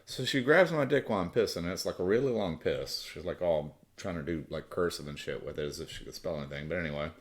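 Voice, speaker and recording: A middle-aged American man with a lowish voice tells a raunchy personal story in a loose, rambling way. He swears freely and trails off with restarts as he talks to his podcast listeners. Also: fast, few pauses. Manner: crude, profane, rambling with restarts.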